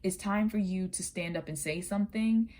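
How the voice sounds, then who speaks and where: A woman giving a casual, earnest tarot reading to her viewers. She sometimes rushes her words. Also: medium pitch, a little mellow. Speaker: tarot reader.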